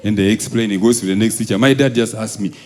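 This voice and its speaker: A man's voice: fast talker, darkish tone. A man from Uganda doing stand-up, telling stories about his school days and acting out the voices of the people in them. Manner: acts out quoted voices, jumping high and dropping low. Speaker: stand-up comedian. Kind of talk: stand-up storytelling. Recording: live show with audience laughter.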